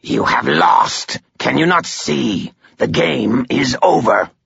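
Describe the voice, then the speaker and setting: A man's voice: mid-range voice, expressive, takes it slowly, gravelly, fairly bright tone, breathy edge, no echo, muffled recording, voice pushed up, heavily acted. A man voicing a harsh, domineering male sorcerer who talks in a cold, commanding, scornful way.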